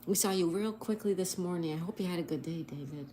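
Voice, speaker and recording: At a quick pace, a woman with a mellow, lowish voice hosts a casual livestream, reading viewer comments aloud and cheerfully spelling words out letter by letter. A little hiss or hum runs underneath.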